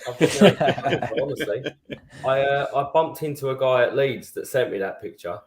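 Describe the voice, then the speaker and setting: A man joins a fan podcast as a guest and speaks with wry self-mockery. His voice sits at a middle pitch. It rings in a roomy, echoey space. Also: animated, normal speed, slight background noise. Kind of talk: casual fan chat. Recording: echoey room.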